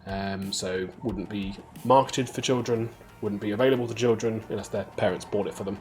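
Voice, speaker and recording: A man hosting a weekly games news show, reading stories briskly and bantering with a co-host. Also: on the low side, fairly even intonation, darkish tone. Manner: brisk, reads headlines then banters.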